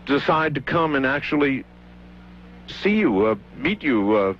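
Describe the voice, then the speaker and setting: A man's voice: mid-range voice, very animated, measured pace, a little hiss or hum. A male radio talk show host asking curious, probing questions in an interview. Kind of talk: late-night radio interview. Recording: dull lo-fi radio broadcast.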